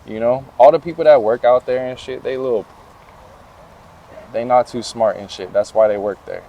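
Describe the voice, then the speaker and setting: A young man talks outdoors near a street, relaxed and full of slang as he tells his stories. His voice sits at an ordinary middle pitch. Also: moderate pace. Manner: slangy, laid-back storytelling. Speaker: interview guest. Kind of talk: casual storytelling interview.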